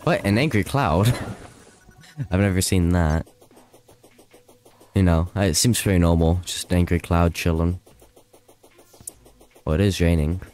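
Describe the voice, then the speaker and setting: Low, slow-talking male streamer. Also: darkish tone. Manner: panicky, laughing, rambling to chat. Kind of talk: live game stream chat.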